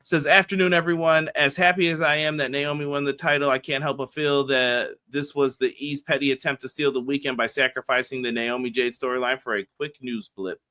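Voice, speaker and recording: A man co-hosting a wrestling podcast, reading viewer shout-outs in a hyped, rushed way. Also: mid-range voice, fairly even intonation. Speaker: podcast co-host. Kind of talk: casual podcast chat.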